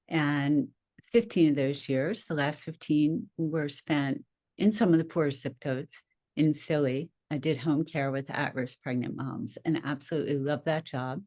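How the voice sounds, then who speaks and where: A middle-aged woman, a nurse and minister, telling her story as a podcast guest in a chatty, expressive way with frequent laughs. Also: low voice. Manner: chatty and expressive, laughs often, acts out her own past reactions. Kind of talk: casual interview storytelling.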